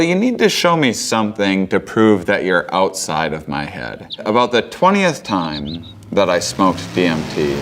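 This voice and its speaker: A man in his thirties, a stand-up comedian, telling a wild story deadpan and breaking into high, panicked acted-out quotes.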